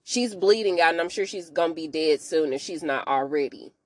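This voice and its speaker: Chatty woman recapping, low voice. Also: a little fast, no echo. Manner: chatty, animated storytelling with slang and asides. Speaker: podcast host. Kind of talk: casual episode recap.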